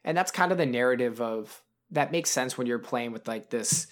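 A man's voice: mid-range voice, normal speed. Guy on a podcast rambling about movies, lots of likes and restarts. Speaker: podcast co-host. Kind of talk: casual podcast chat.

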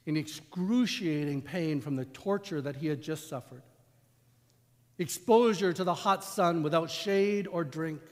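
Male pastor, storytelling sermon, higher-pitched voice, long church reverb. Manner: storytelling, conversational.

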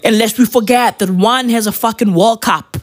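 Speaking at a moderate pace in a voice that sits high, a man who vlogs as a football fan rants about his club. He's casual and slangy, swearing and ending lines with "right?" and "bruv".

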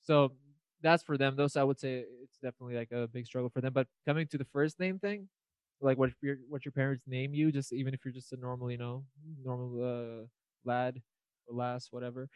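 A man's voice: medium pitch, steady tone, brisk, clear, resonant tone, no room sound, low-quality recording. A young man co-hosting a podcast, chatting casually and rambling with lots of fillers. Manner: rambling, filler-heavy, laughs often. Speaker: podcast co-host. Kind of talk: casual chat.

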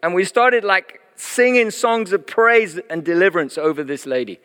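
A man's voice: high voice, moderate pace, clear, resonant tone. Man preaching in a reverberant hall. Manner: animated, chatty, laughs often, many fillers. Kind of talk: sermon testimony storytelling. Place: church hall. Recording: long reverb in a church hall.

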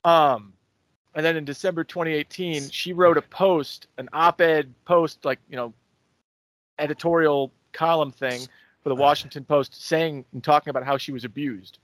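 Young male co-host, slightly high voice, dry close sound, loose profane chat. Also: steady tone, moderate pace, a bit bright, no room sound. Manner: recapping a timeline, loose and profane. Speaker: podcast co-host. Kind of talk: casual chat.

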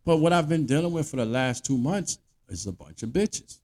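Blunt, animated man ranting. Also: on the high side, moderate pace, very noisy. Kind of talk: profane monologue rant.

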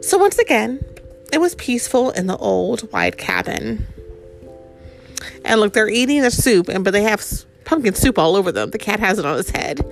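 A woman's voice: mid-range voice, sing-song, moderate pace, creaky, soft background music. A woman reading a picture book aloud to a child, with chatty asides about the pictures.

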